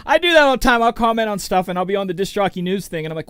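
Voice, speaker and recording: A man's voice: sits high, big pitch swings, fast talker, fairly bright tone, clean tone, no echo. A middle-aged man hosting a DJ livestream, chatting casually and rambling as he greets viewers by name. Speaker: DJ and show host.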